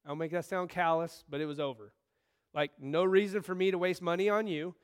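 A man in his thirties preaching a sermon as pastor, talking in a conversational way and telling stories with sudden bursts of excitement. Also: high voice, brisk, smooth.

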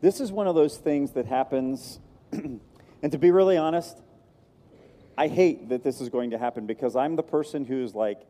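A male pastor delivers a sermon in a church sanctuary, building emphasis through repeated phrases. His voice is very dark and mellow, and it rings out with the long reverb of a large hall. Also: medium pitch, moderate pace. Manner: emphatic, repetitive preaching cadence.

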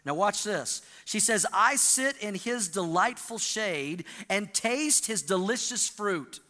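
Man, pastor, lively sermon, high voice, long church-hall reverb. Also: slow. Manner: animated preaching, prompts the congregation to repeat lines. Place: church sanctuary.

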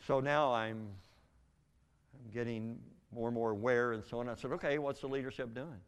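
An older man giving a spoken testimony, telling a story earnestly with halting restarts. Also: mid-range voice, steady tone, smooth. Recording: long reverb in a large hall.

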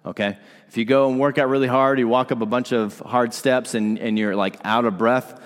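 A man's voice: lowish voice, normal speed, big-room sound. A man preaching a sermon in a conversational way, speaking directly to his congregation. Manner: conversational, asks the congregation to respond. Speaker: pastor.

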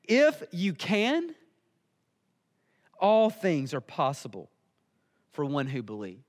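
A man voicing a calm, commanding healer in a low, hushed, slow way. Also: in a large hall, full character voice.

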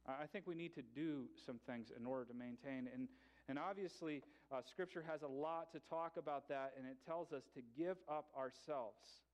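Conversational man preaching a sermon. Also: a little high. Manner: conversational preaching with light humor and pauses. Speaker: pastor.

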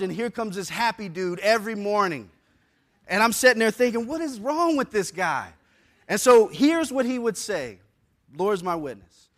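A man preaching a sermon to a church congregation in a conversational way, using casual slang and swinging between soft and loud passages. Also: high-pitched. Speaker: pastor. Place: church service before a congregation.

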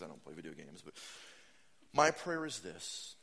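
Bright-voiced animated male pastor. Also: moderate pace, gravelly. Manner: animated, mocking voices in high pitch, swings loud and soft. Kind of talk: sermon.

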